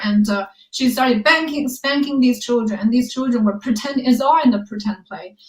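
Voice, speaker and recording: A woman researcher answering interview questions thoughtfully, pausing and restarting often, with light laughs. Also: fairly high pitch. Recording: echoey room, a bit distant from the mic.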